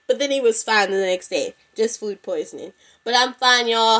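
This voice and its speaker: A woman's voice: mid-range voice, a little fast, few pauses, a bit bright. A young woman with a congested, stuffy-nosed voice, hosting a casual solo podcast and talking to her listeners. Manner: chatty, addresses listeners as "y'all". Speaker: podcast host. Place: at home.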